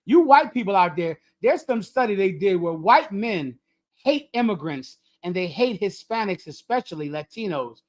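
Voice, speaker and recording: A man's voice: high-pitched, big pitch swings, moderate pace. A man leading a livestreamed religious lesson, preaching emphatically in a lecturing, repetitive cadence. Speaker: religious group leader.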